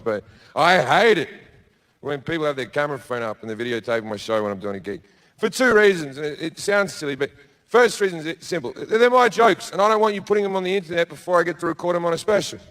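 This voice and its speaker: A man's voice: on the high side, a bit bright, big-room sound. A man in his forties with an Australian accent doing a crude, sweary stand-up set on a theater stage. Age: 40s. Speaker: stand-up comedian.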